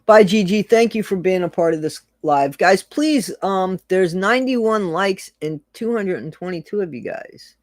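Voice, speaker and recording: A rambling host chats through a casual livestream, reading out viewer comments and echoing their own phrases back with easy laughs. The voice sits at a middling pitch and sounds close and dry, with no room around it. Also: moderate pace, few pauses. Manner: chatty, rambling, laughs often, repeats phrases.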